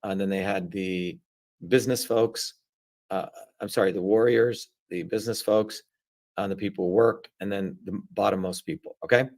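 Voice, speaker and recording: A man's voice: lowish voice, fairly even intonation, moderate pace, darkish tone. A man in his seventies from India, explaining things bluntly as an interview guest and often checking in with "okay?" and "right?". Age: 70s. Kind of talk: casual conversational interview.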